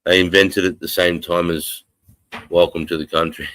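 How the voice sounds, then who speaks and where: An Australian man with a low, forceful voice chats casually on a live stream. He talks in a blunt, rambling way, swearing often. The sound is dry and close, with no room echo. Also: little pitch movement, normal speed. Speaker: livestream host reading chat.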